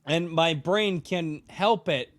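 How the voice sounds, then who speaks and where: A man's voice: a little high, slow, fairly bright tone. A man hosting a casual podcast chat, rambling and swearing freely, a bit tipsy from drinking. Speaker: podcast host.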